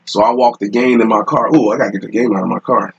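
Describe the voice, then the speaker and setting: Husky low-voiced man rambling on a podcast. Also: fairly even intonation, fast talker, dull audio. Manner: rambling, profane, laughing often. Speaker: podcast host. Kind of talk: casual solo storytelling.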